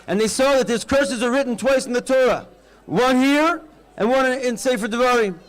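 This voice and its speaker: A man, a rabbi, giving an animated storytelling address at an outdoor festival, mixing Hebrew terms into his talk. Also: very high voice, moderate pace.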